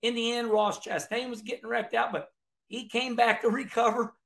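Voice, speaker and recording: A man's voice: very high-pitched, flat delivery, moderate pace, creaky, a bit bright. A middle-aged man, chatting casually about a race in a folksy, rambling way, often restarting his words. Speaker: racing commentator. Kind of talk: casual video commentary.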